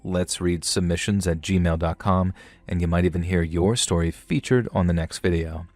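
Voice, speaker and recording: A man's voice: sits low, darkish tone, no echo. A man narrating a first-person story in a casual, slangy storytelling manner. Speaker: channel narrator.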